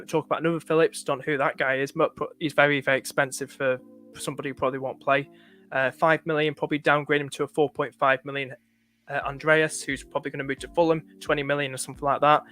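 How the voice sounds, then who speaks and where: Chatty northern English lad streaming. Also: male voice, a little high, a bit bright. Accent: northern English, light. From north of England. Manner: chatty, thanks viewers often, many fillers. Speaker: livestream host. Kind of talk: casual live-stream chat.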